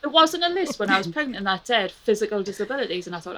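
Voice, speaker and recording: A woman's voice: mid-range voice, very animated, fast talker, very noisy. A woman with a Mackem accent from North East England, a guest chatting frankly in a casual interview, swearing freely and laughing often. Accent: Mackem (Sunderland).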